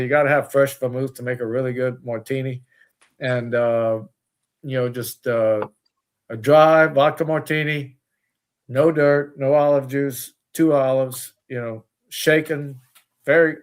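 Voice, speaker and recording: A man's voice: medium pitch, fairly even intonation, measured pace. A man, the owner of a distillery, talking as a guest in a casual interview, rambling with many fillers and restarts.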